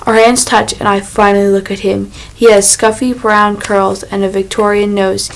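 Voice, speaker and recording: A woman narrating a first-person young adult novel in a measured, unhurried reading voice. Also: medium pitch, little pitch movement, creaky, slight background noise, low-quality recording. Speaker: audiobook narrator.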